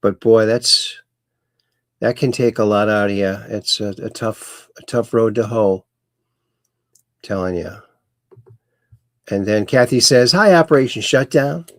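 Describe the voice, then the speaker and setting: A man's voice: on the low side, steady tone, slow, pauses often, no echo, studio quality. A man hosting a casual livestream, reading out viewer comments and chatting along in a rambling, folksy way that often repeats itself. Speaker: livestream host.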